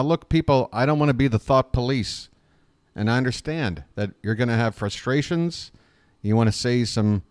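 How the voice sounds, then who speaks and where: A man's voice: medium pitch, dry recording. Man, fan baseball play-by-play, chatty, uh fillers, mid voice, dry room. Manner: chatty, addresses listeners as folks, frequent uh fillers. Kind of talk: live fan play-by-play and commentary.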